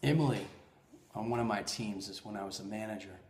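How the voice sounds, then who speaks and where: A man hosting a podcast, telling personal stories in an animated way, swinging between loud bursts and quiet asides. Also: fairly low pitch, a little fast, a little hiss or hum. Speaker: podcast host. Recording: roomy echo.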